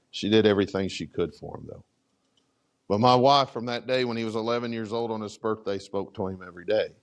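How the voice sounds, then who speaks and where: A middle-aged man, a fire chief, telling a story to a conference audience in a casual, conversational way. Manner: animated, conversational, acts out dialogue with big pitch swings. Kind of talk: storytelling keynote talk. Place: conference presentation room.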